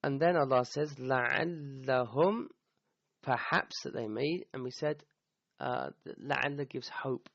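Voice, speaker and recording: A Quran teacher with a gravelly, mid-pitched voice gives a relaxed explanation of a scripture verse, often stopping to restart and checking in with a quick "okay?". The recording sounds dull and dry, with no room sound at all.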